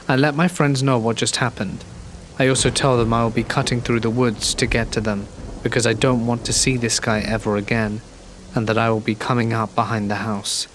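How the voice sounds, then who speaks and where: Calm male horror narrator, soft rain. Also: medium pitch, slight background noise. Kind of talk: scripted narration. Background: gentle rain.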